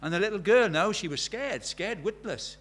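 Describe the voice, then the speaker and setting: A man's voice: sits high, lively intonation, normal speed, fairly bright tone. A man preaching a sermon in an earnest way, telling stories and asking his listeners many questions.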